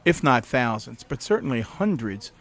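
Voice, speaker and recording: A middle-aged man as a podcast guest, telling animated anecdotes with frequent laughs in a cafe interview. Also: mid-range voice, normal speed. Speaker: podcast guest, former county executive. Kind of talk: casual interview storytelling.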